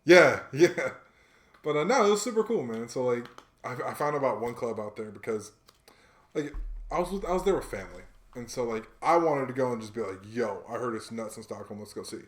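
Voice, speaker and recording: With a brisk, mid-range voice in an echoey room, this young podcast co-host chats casually and spins stories full of slang. He brings them to life by performing other people's lines.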